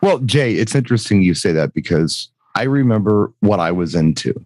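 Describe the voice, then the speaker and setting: A man's voice: lowish voice, animated, fairly quick, a little mellow, no echo. Reflective middle-aged man, dry sound. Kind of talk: casual chat.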